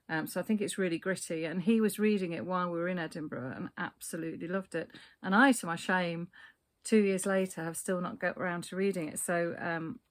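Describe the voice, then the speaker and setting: A woman's voice: fairly low pitch, a bit bright. A woman in a casual book vlog, chatting about novels with lots of ums and restarts. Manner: chatty, with many fillers and restarts. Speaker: book vlogger. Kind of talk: casual book chat to camera.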